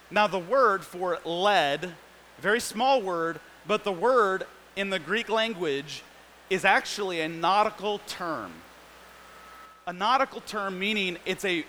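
A man's voice: high voice, bright, forceful tone, a little hiss or hum, low-quality recording. A man preaching a sermon, reading scripture and explaining it with earnest, building emphasis.

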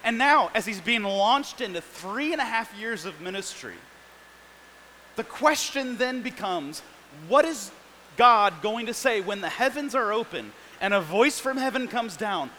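A man's voice: high voice, expressive, measured pace, bright, forceful tone, slight background noise, poor audio. A man preaching a sermon, reading scripture and explaining it with earnest, building emphasis.

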